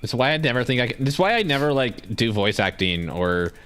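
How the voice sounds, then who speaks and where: A man's voice: mid-range voice, animated, brisk, fairly bright tone, clean tone, soft background music. A man streaming a game in casual chat, talking with a slight lisp and some trouble with consonants, rambling and self-deprecating. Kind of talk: casual chat while gaming.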